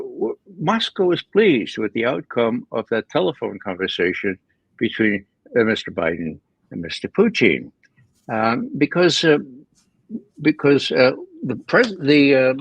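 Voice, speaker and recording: Animated older man, gravelly, lo-fi remote line. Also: medium pitch, no room sound. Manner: animated, laughing asides, frequent restarts. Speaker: guest analyst. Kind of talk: conversational political commentary. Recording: dull lo-fi remote audio.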